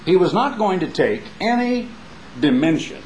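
A man's voice: sits high, sing-song, normal speed, darkish tone, slight background noise, low-quality recording. A man preaching a sermon in a folksy, emphatic way, building up with rhetorical questions and homespun asides.

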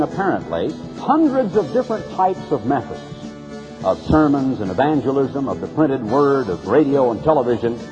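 A man preaching an emphatic, sarcastic broadcast sermon, recorded on a dull lo-fi tape with long reverb. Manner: emphatic, sarcastic preaching with sharp pitch swings.

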